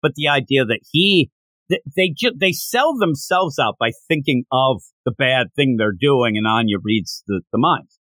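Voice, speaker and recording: Animated man recapping a manga. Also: mid-range voice, moderate pace, no room sound. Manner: animated, acts out characters' lines mid-story. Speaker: podcast co-host. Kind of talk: casual chat recapping a manga chapter.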